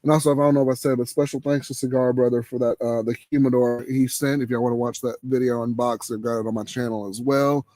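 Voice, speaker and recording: Man, host of a late-night live chat, relaxed and chuckling, dry close sound. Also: mid-range voice, quick pace, hardly any pauses, no room sound. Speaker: livestream host. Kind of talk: casual chat.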